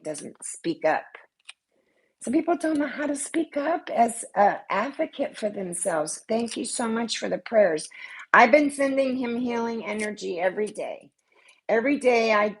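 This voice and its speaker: An older woman vlogging in casual chat to camera, blunt and profane, talking on without pause. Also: medium pitch, creaky, a little hiss or hum, low-quality recording.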